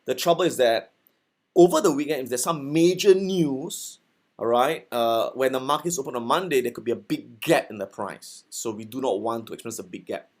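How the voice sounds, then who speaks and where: A forex trading instructor leads a casual recorded lesson, talking conversationally and often checking in with listeners using "okay" and "right." His medium-pitched voice has a darkish tone and moves at a normal speed.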